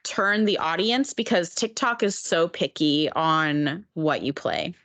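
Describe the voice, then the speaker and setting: A woman's voice: deep voice, animated, takes it slowly, fairly bright tone. A woman from Oregon, a streamer and dancer, chatting as a podcast guest and laughing often. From Oregon, USA. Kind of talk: casual podcast chat.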